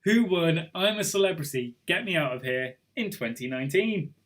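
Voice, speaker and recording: A man's voice: a little high, lively intonation, moderate pace, a bit bright. A young man hosting a live online pub quiz, chatty and rambling between questions. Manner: chatty and rambling, drifting off topic with chuckles. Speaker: quiz host.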